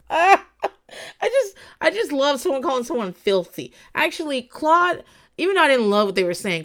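A woman hosting a podcast, giving casual, profane true-crime commentary full of laughing asides. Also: medium pitch. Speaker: podcast host.

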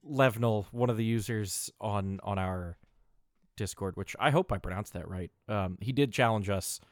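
A man's voice: lowish voice, moderate pace, no room sound, studio quality. A man chatting on a podcast as a cast member, talking in long run-on sentences. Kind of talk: casual podcast chat.

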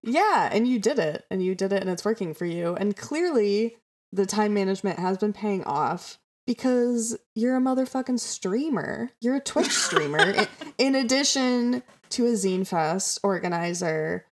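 A woman's voice: mid-range voice, lively intonation, moderate pace, a little hiss or hum. A woman hosting a casual podcast chat, enthusiastic and rambling, with lots of fillers and casual swearing. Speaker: podcast host.

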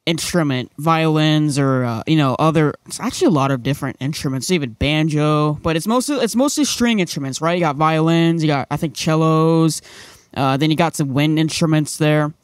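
A man's voice: fairly high pitch, smooth, dry recording, studio quality. Rambling young man on a podcast. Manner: rambling, many fillers. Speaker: podcast co-host. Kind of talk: casual podcast chat. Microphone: studio microphone.

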